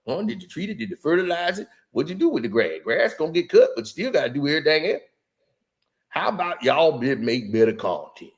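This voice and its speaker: A man's voice: on the high side, sing-song, brisk, voice pushed down. A man doing an impression of a blustery male sports pundit, with a mumbling, mouth-full delivery. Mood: scolding.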